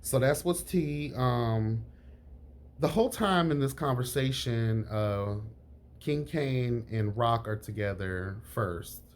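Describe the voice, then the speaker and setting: A man reviewing a reality show in casual chat, sassy and frank, calling everyone honey and girl, his pitch jumping up on emphasis. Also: slow pace, slight background noise. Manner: lively pitch jumps on emphasis.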